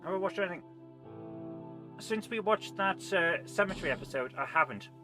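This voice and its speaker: A man's voice: high-pitched, lively intonation, moderate pace, over music. A man chatting casually on a live game stream, rambling, reading viewer comments aloud and eating between remarks. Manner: rambling, reads chat aloud, eats while talking.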